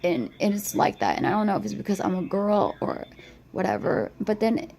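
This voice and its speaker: A woman crying as she records a halting, rambling confessional monologue on her phone. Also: medium pitch, very animated, creaky, darkish tone, rough recording. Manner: halting, rambling, repeats herself. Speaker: vlogger.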